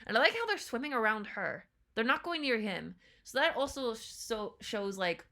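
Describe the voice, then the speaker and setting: A woman chats through a trailer reaction in a bright, forward voice, excitable and rambling. She swears freely and leans on filler words as she thinks out loud. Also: medium pitch. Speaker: reaction video host. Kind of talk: casual chat reacting to a trailer.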